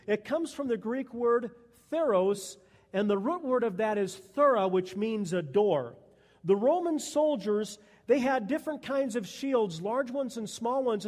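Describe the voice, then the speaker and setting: A pastor preaching a sermon at a Sunday church service, earnest and emphatic. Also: male voice, extremely high pitch, darkish tone. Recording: long echo of a church hall.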